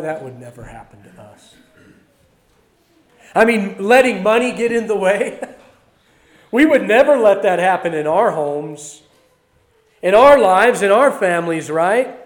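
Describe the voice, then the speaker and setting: A high-voiced man preaches a sermon, reading scripture and commenting on it. His manner is conversational, swinging between loud emphasis and quiet asides.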